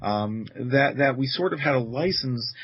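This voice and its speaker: A man in casual podcast chat, talking quickly with many restarts and fillers as a guest. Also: medium pitch, expressive, slightly rough, no echo, dull audio. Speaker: podcast guest, convention interviewer.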